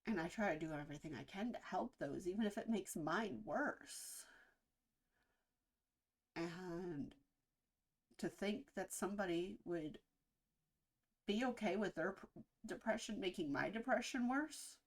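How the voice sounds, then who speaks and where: Husky-voiced woman musing earnestly. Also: medium pitch. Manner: earnest, reflective, halting with pauses. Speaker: reaction video host. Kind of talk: casual spoken reaction commentary.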